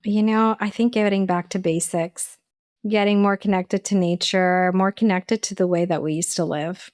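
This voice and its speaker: A woman nutritionist guest on a podcast, answering questions in a relaxed, conversational way. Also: medium pitch, normal speed, dry recording, clean studio sound. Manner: relaxed, laughs easily.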